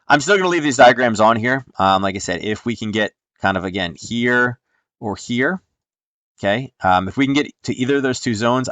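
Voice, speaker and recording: Male stream host, deeper voice, relaxed chart lesson full of ums and "right?", dead-dry mic. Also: no echo. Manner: chatty, explains step by step with frequent ums and "right?". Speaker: trading educator hosting a nightly stream. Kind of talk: casual live-streamed chart walkthrough.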